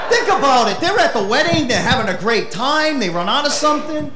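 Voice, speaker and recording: Punchy comic working the crowd, pretty high voice, noisy live recording. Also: male voice, big pitch swings, brisk, few pauses. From Rhode Island, USA. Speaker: stand-up comedian. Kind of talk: stand-up routine. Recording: live club recording, audience laughter. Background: crowd laughter, noise.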